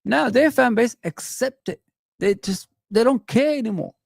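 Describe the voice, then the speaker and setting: A man's voice: extremely high pitch, animated, normal speed, creaky, slightly rough, dry recording. A middle-aged man hosting a live football stream, ranting passionately with rhetorical questions and talking straight to his viewers. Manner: talks straight to viewers and chat. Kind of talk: casual live-stream rant.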